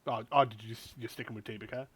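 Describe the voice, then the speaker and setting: A man's voice: medium pitch, fairly even intonation, very fast, a bit bright, slightly rough. Laughing, stammering man host. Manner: banter-filled, stammering restarts, frequent laughter. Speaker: podcast host. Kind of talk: casual chat.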